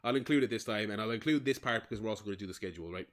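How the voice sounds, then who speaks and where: A man's voice: fairly low pitch, rapid-fire. A man from Limerick with an Irish accent, chatting casually while livestreaming a game, rambling, swearing freely and stumbling over restarts. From Limerick, Ireland. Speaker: streamer.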